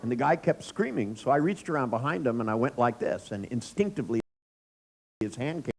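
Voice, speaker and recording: Male workshop leader, irreverent anecdotal style, quick to laugh at his own stories. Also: mid-range voice, animated, gravelly, a little mellow. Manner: joking storyteller, laughs often; blunt, irreverent. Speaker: workshop trainer. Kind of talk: live workshop lecture. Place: workshop room with audience.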